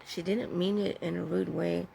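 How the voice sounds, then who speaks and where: A woman telling a personal story in a candid, halting way, pausing and correcting herself as she goes. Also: lowish voice, fairly even intonation, gravelly, mellow, slight background noise, rough recording. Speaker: vlogger sharing her own story.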